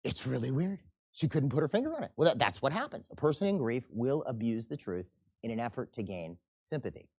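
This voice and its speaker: Man, seminar instructor, lively up-and-down pitch, acts out quotes, checks in with the room. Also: fairly quick. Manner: animated, checks in with the audience; acts out quoted people in changing voices. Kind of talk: live seminar lecture.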